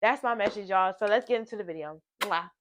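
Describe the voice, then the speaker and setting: A woman's voice: mid-range voice, fast talker, background noise. A woman vlogger giving an earnest motivational talk before reacting to a song, stacking repeated affirmations in casual slang.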